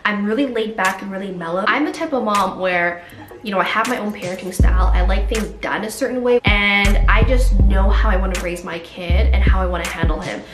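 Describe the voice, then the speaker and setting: Candid young mother in an echoey room. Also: a little fast. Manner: open and emotional, quoting herself in a higher, strained voice. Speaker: vlogger, new mother. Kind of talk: candid personal storytelling. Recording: echoey room with music behind.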